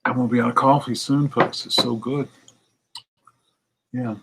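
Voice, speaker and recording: A man chatting casually with his viewers, like a record shop owner hosting a morning show. He tells a rambling story and acts out phone calls in high, excited voices. His normal talking voice sits at a medium pitch. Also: normal speed, vocal fry, husky. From United States.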